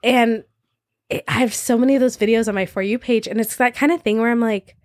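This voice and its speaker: A woman in her twenties chatting casually, telling a story and acting out quotes with lively energy. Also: a little high, quick pace. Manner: animated storyteller, acts out quotes. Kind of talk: casual chat.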